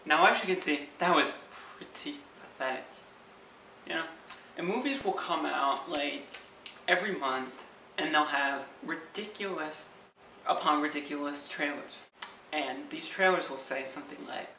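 Guy ranting sarcastically on his vlog, bright voice, sounds far from the mic. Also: on the high side, measured pace. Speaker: vlogger. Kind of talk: comedic vlog rant. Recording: echoey room, distant from mic, faint background noise.

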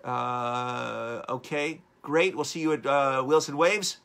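A man's voice: medium pitch, slow, vocal fry, fairly bright tone, clear, resonant tone. A man hosting a live-streamed motivational talk, upbeat and rambling as he urges viewers on. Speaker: host.

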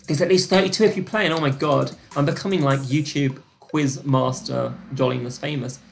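A young British woman hosting a live-streamed trivia quiz, chatty and gossipy, with excited gasps and lots of fillers. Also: very deep voice, moderate pace, vocal fry, faint music behind. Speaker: quiz host.

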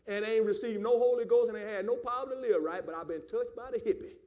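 A man with a Southern American accent preaches in a strikingly high voice. His sermon runs fiery, rising into shouts and drawing call-and-response. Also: fast talker. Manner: Southern preacher cadence with calls of "my God" and "do you understand". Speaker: pastor.

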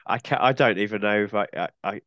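A man's voice: fairly low pitch, quick pace, fairly bright tone, dry recording, highs cut off. A man hosting a film podcast with a cold, chatting casually and often ending points with tag questions. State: has a cold. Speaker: podcast host.

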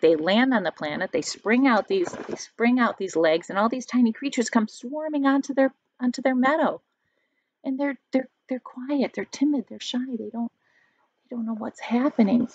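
A woman's voice: a little high, no echo. Teacher woman reading a storybook to kids. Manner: explains words and asks many questions. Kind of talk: reading a picture book aloud to children. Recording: dry, muffled home recording.

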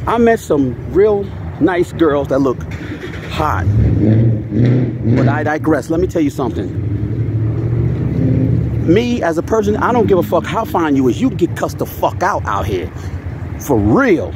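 A man's voice: on the high side, big pitch swings, measured pace, long pauses, noisy background. A man filming a casual toy-hunting vlog on a handheld camera, swearing a lot and ranting heatedly. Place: convention floor and stores, indoors.

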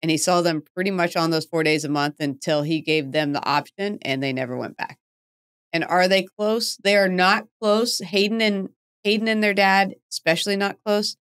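A woman's voice: on the low side, fairly even intonation, moderate pace, fairly bright tone, clean tone. A woman in her forties hosting a podcast, chatting casually, laughing often and poking fun at herself. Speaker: podcast host. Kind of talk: casual chat.

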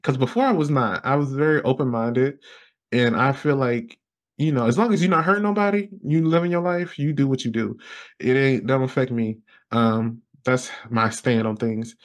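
A young man from Alabama, a podcast guest telling his story casually and acting out his younger self with lively exclamations. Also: moderate pace. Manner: animated, acts out his past self with high exclamations and laughs.

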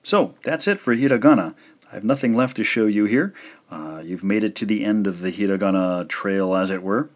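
A man narrating a recorded language lesson, speaking slowly and carefully and repeating each pronunciation. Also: lowish voice, lively intonation. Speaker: language teacher.

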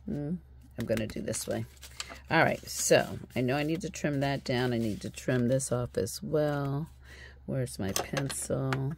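Tired woman hosting a craft walkthrough, unhurried, fry in the voice, light hiss behind. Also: a bass voice. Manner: chatty, rambling, thinks aloud with fillers. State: tired and yawning. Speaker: crafter hosting a journal-making video.

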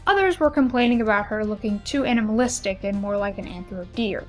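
A young woman giving an expressive, analytical video essay commentary with lively emphasis. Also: mid-range voice, brisk, soft background music.

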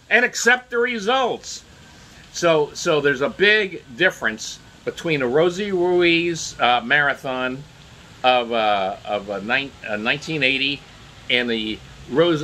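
Man, commentator, casual monologue, bright edge, starts and restarts. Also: medium pitch, poor audio. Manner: halting, repeats words while restarting. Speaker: political commentator.

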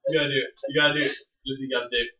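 A man's voice: medium pitch, flat delivery, rapid-fire. A teenage boy joking around with a friend in front of a laptop webcam, silly and insistent. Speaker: friend on camera. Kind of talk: casual goofy chat. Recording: roomy, distant lo-fi webcam audio.

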